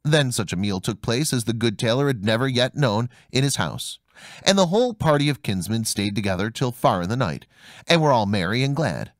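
A man narrating a fairy tale as an audiobook, reading with a very animated delivery and big pitch swings on the dialogue. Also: fairly quick, no room sound, clean studio sound. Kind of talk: storybook narration.

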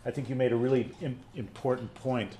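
A man speaking on a video call as a panelist, his voice pitched in the middle range. He tells animated stories and lectures in a loose, conversational way, a faint noise under the line. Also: brisk. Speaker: panelist, music professor. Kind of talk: casual webinar discussion.

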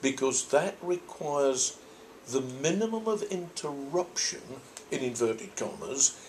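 An older man from Norfolk talks at a middle pitch, picking his words slowly and circling back with restarts. He is a priest answering questions from an audience, thoughtful and unhurried. A faint hiss of ambience runs beneath him. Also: sing-song. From Norfolk, England. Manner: thoughtful, rambling, with frequent restarts. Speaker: priest and convention guest.

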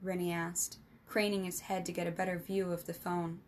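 A woman's voice: little pitch movement, normal speed, slight background noise. Woman reading a storybook aloud. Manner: voices boys' dialogue with higher, louder pitch. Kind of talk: scripted narration.

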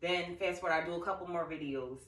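Low-voiced woman vlogger, echoey room. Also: quick pace, fairly bright tone. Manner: emotional, rambling storytelling. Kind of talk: casual talk to camera. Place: living room. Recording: echoey room, far from mic.

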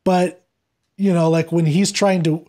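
A man talking as a podcast guest, retelling a play in a lively conversational way and acting out the characters' lines as he goes. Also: fairly high pitch, unhurried. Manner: animated, acts out quoted lines while retelling. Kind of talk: conversational literary discussion.

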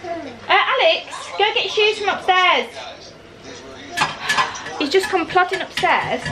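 A mother vlogging at home, indoors and in the garden, chats casually to the camera, rambling and constantly breaking off to coo at or scold her small kids. Her very high-pitched voice is expressive, at a measured pace, and the noisy recording has a crowd in the background.

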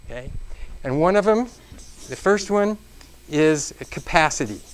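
A man's voice: a little high, a little slow. A man presenting a business seminar to a live audience in a room, talking interactively and checking in with the listeners again and again. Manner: interactive, checks in with frequent "okay?"; animated, acts out exclamations.

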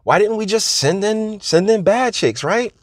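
A man's voice: sits high, animated, a little slow, dry recording, clean studio sound. A man ranting casually on his vlog, rambling and interrupting himself, laughing often. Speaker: vlogger. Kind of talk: casual comedic rant.

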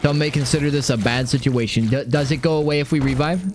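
A young man giving casual live gameplay commentary, excitable and swearing often, repeating phrases under pressure. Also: mid-range voice, fast talker, faint music behind. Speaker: gaming streamer.

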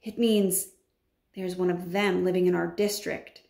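A woman's voice: lowish voice, flat delivery, measured pace, vocal fry, darkish tone. A woman voicing a protective, caring grandmother in a read-aloud story. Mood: firm, caring. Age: older. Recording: roomy echo.

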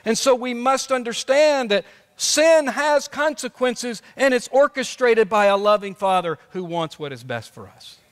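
High-voiced preaching man in a reverberant church. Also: animated, unhurried, smooth. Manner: passionate preaching, dropping soft then rising to shouts. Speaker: pastor. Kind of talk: sermon. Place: church sanctuary.

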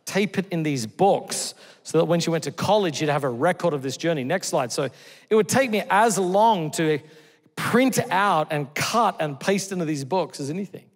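A middle-aged man from Australia, preaching a sermon. He tells stories earnestly, moving between loud exclamations and hushed, tender lines. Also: a little high, animated, normal speed. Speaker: pastor. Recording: long hall reverb.

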